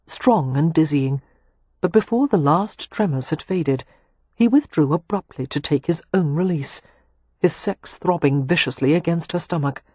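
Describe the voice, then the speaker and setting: A male narrator reads a romance audiobook in a slow, intimate way. His voice sits a bit high and sounds husky. The recording is close and dry. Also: darkish tone, no room sound. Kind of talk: scripted narration.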